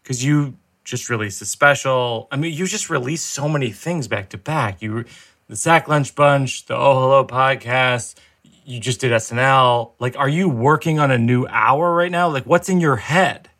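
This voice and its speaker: Bright-voiced man joking around. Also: mid-range voice, moderate pace. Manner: jokey, spins absurd bits. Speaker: podcast host. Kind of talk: casual chat.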